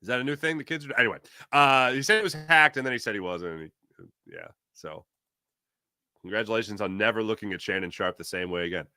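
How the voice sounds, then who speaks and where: A man hosting a sports talk show, reading an ad and the live chat in a jokey, animated way. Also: lowish voice, fast, clear, resonant tone, no room sound, clean studio sound. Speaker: podcast host.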